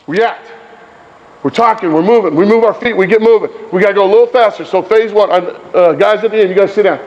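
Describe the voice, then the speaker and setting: Guy coaching on a basketball court, high voice, keeps yelling go get it, muffled lo-fi audio with balls bouncing behind. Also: fast. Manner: calls out short, repeated drill commands; explains points to watching coaches between drills. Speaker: basketball coach running a clinic.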